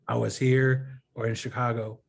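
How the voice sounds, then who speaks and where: A man's voice: medium pitch, normal speed, creaky. Man telling a story with quoted dialogue. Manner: animated retelling with quoted dialogue, earnest. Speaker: guest filmmaker. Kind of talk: casual storytelling interview.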